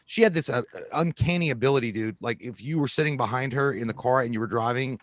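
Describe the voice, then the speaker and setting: A man co-hosting a movie podcast, at a middling pitch, rambles through profane stories. His voice is dry and close, with no room around it. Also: fast, dry recording, dull audio. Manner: rambling, profane storytelling with acted-out quotes. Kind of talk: casual chat.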